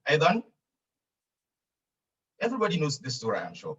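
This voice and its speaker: Man, language teacher, patient, repeats phrases, slightly high voice, distant muffled recording. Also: sing-song, normal speed, long pauses, a bit bright, slightly rough. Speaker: Arabic teacher. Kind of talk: online language lesson. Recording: distant dull lo-fi mic.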